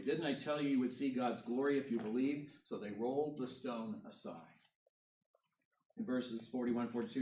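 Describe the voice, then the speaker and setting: A man's voice: mid-range voice, darkish tone, slight background noise. A male pastor preaching a sermon, reading scripture aloud and then explaining it, pressing harder on the key points. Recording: roomy echo, voice from far off the mic.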